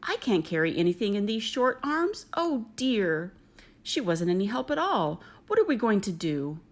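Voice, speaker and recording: A woman's voice: sits high, brisk, voice pushed up. A woman voicing a sad, worried mother kangaroo who pleads for help through tears, in a storybook reading. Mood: despairing. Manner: pleading, weepy.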